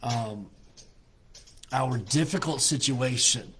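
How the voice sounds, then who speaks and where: A man leading a devotional Bible study as pastor, halting with many filler words and slowing down to press on the verses he quotes. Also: medium pitch, a bit bright, slight background noise.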